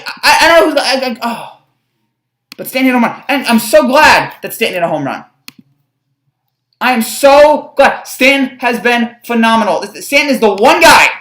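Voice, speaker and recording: A woman's voice: medium pitch, a bit bright. A young woman rants as a sports fan vlogger, frustrated and rambling, often stumbling over her restarts. Her voice sits in a middle register. The recording rings with the echo of a bare room. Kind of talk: fan reaction rant. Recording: echoey room.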